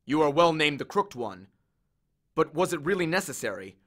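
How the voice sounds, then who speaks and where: A man's voice: fairly high pitch, sing-song, normal speed, fairly bright tone. A man voicing an invisible male servant who is fawning and anxious, in an audiobook. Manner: obsequious, eager to please. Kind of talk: audiobook character voice.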